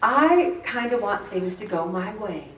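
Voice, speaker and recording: A middle-aged woman hosting a faith talk show, telling personal stories in an animated, self-mocking way and laughing often. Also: mid-range voice, measured pace, recorded from a distance. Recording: roomy sound, voice off-mic, faint background noise.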